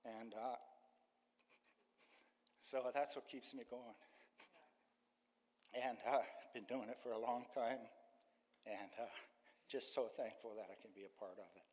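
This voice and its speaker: A retired man in his sixties, a street ministry worker, telling his personal testimony to a church congregation in a halting way, with many fillers. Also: mid-range voice, fairly even intonation. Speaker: street ministry staff member. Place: church sanctuary. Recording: long church-hall reverb.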